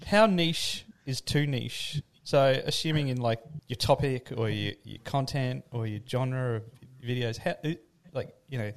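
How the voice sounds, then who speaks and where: A man's voice: mid-range voice, measured pace, smooth. A man co-hosting a podcast, casual and jokey, often laughing. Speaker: podcast co-host.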